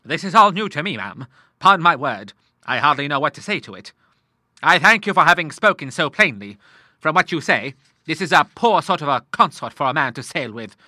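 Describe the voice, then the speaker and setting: A man playing a bluff, hearty old navy admiral in a storybook reading. He blusters along in a lively, bouncing voice, bright and forceful, recorded close and dry. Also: on the high side, moderate pace, dry recording, exaggerated voice. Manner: hearty, blustering, full of sea talk.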